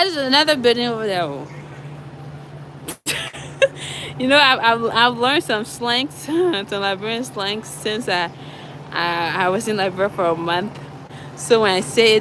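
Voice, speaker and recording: Holding her phone as she goes, a young woman vlogs a relaxed, talkative tour of an apartment indoors. Her voice sits at medium pitch over some background noise, and she frequently laughs while telling lively stories.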